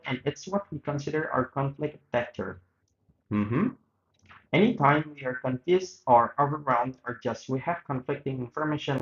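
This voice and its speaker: A man's voice: mid-range voice, fairly bright tone, reverberant, muffled recording. A man reading aloud both the host and guest parts of an interview, with small slips and restarts. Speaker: student reading both sides of a radio interview. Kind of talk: read-aloud interview reenactment.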